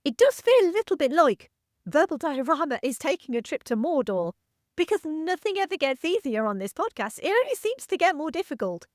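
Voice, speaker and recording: A woman's voice: sits high, sing-song, a little fast, no room sound, studio quality. A woman hosting a film podcast, reading a scripted welcome in an earnest, grateful way. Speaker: podcast host.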